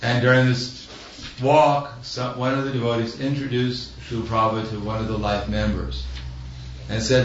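A man's voice: mid-range voice, flat delivery, moderate pace, slight background noise. Man preaching in an echoey hall. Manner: wry, anecdotal, chuckles at his own jokes. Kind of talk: storytelling sermon. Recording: echoey hall, distant dull mic.

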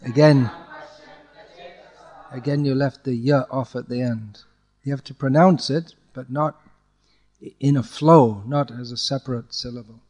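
A man teaching a student to chant Sanskrit verses, correcting pronunciation patiently and chanting lines slowly to demonstrate. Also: mid-range voice, steady tone, a little mellow. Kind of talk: one-on-one chanting lesson.

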